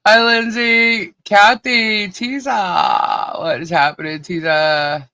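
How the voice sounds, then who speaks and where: A podcast co-host with a hoarse voice, cheerfully greeting viewers one by one on a live stream. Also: mid-range voice, fairly even intonation, slow pace, bright, forceful tone, no room sound. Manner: giddy, laughing, greets viewers by name.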